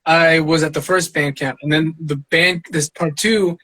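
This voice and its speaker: Husky, animated Southern man telling a story. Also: unhurried, rough recording. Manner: profane, laughing, quotes others in high voices. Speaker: guest artist.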